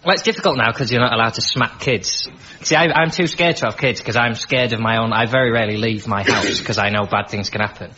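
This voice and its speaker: A man on a comedy panel telling deadpan anecdotes. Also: medium pitch, fast talker, a little hiss or hum. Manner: deadpan storytelling, acts out voices. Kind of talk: stand-up style anecdotes. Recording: dull broadcast audio, loud audience.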